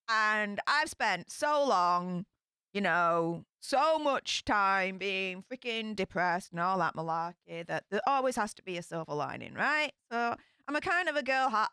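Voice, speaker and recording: Lively upbeat Yorkshire woman. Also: medium pitch, clean tone, dry recording, studio quality. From Yorkshire, England. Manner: upbeat, chatty, bursts of excitement. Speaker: livestream host. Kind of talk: casual livestream chat reading comments.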